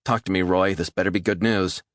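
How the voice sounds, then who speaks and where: A man's voice: sits low, fairly even intonation, a little fast, no room sound, clean studio sound, natural voice. A man voicing a blunt, impatient female FBI agent in an audiobook thriller. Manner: blunt, demanding. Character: tough FBI woman, impatient.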